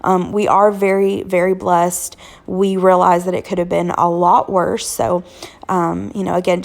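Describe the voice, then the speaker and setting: A woman in her thirties or forties, a cooking channel host, hoarse from illness, chatting casually with lots of ums as she walks through weeknight dinners. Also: medium pitch. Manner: chatty, homey, frequent "um" fillers. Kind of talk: casual cooking vlog narration.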